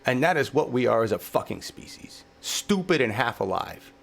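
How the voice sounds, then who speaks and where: Gravelly, profane ranting man. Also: medium pitch, sing-song, moderate pace. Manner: heavy swearing, fervent and exasperated. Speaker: show host. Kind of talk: impassioned political podcast rant.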